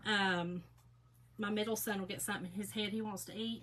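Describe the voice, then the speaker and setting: A woman's voice: mid-range voice, fairly even intonation, fairly quick, background noise. A middle-aged woman, hosting a casual crafting livestream and chatting folksily to her viewers as she works.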